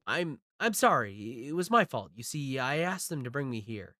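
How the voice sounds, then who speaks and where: A man's voice: medium pitch, sing-song, moderate pace, sharp tone, no echo, voice pushed down. A man voicing a timid, apologetic male researcher who stammers nervously. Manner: hesitant, stammering.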